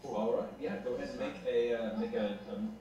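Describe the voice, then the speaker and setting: A man's voice: mid-range voice, steady tone, brisk, warm tone, dull audio, slight background noise. A man narrating as game master, describing monsters vividly and calling turns. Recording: show audio replayed, distant and echoey.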